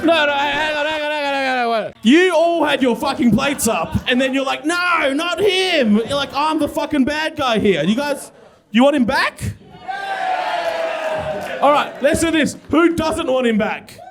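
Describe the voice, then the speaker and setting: Rowdy comedy host, very high voice. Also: male voice, normal speed. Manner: rowdy, swearing, teasing the crowd. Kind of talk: hosting a live comedy night. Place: comedy club stage. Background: music and crowd noise.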